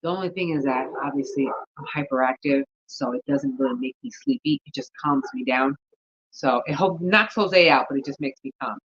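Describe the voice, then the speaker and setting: A woman's voice: a bass voice, animated, moderate pace, husky. A woman rambles through a casual gardening vlog, half talking to herself. She sounds tired and keeps yawning. The recording is a little dull and lo-fi. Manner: rambling, chatty, talks to herself. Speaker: gardening vlogger.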